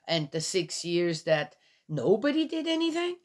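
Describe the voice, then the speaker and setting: A woman's voice: on the low side, big pitch swings, measured pace, darkish tone. A woman reading a Bible passage aloud and commenting on it in a casual, skeptical way, asking many rhetorical questions.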